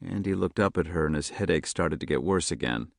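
A man narrating a novel in a steady, measured audiobook reading, close to the mic. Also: sits low, gravelly, dry recording. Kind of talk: scripted narration.

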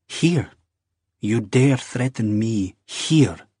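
A man reading aloud, voicing a haughty, defiant young woman with sharp, clipped retorts. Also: on the low side, moderate pace, slightly rough, no room sound, studio quality. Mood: indignant.

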